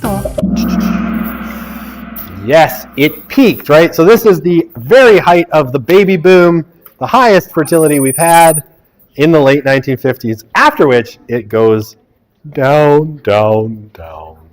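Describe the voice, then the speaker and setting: A man's voice: fairly high pitch, expressive, moderate pace. Sex: man. Role: sociology instructor. Style: quiz-game lecture with joking asides. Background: game music. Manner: joking asides, teasing students. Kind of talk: lecture running a class quiz. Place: lecture classroom.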